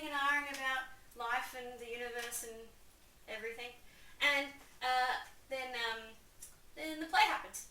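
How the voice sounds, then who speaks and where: A woman's voice: a little high, steady tone, measured pace, sharp tone, reverberant, distant mic, poor audio. A young woman hosting a video, giving an enthusiastic, sarcastic, chatty summary. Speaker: video host. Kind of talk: casual comedic summary.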